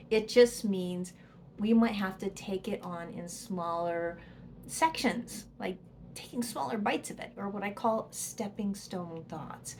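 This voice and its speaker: A woman talks through a lesson to camera in a relaxed, conversational way, slipping into a whisper when she voices the inner mind. She speaks slowly and deliberately at a mid pitch. A faint hiss of room noise sits under her voice. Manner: explains with examples, drops to whispers for inner voice. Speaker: psychologist and presenter. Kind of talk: casual educational talk to camera.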